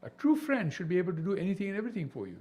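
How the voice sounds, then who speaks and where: A man leads a devotional scripture class with a lively, swinging delivery and a slightly high voice. He keeps checking in with his listeners through rhetorical questions. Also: rapid-fire. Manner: animated, peppered with rhetorical questions. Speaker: spiritual teacher.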